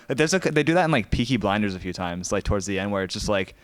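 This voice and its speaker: A man's voice: fairly low pitch, fast, smooth, no room sound, clean studio sound. A young man co-hosting a podcast who talks hesitantly, with many restarts as he asks his questions. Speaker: podcast co-host. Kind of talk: casual podcast chat.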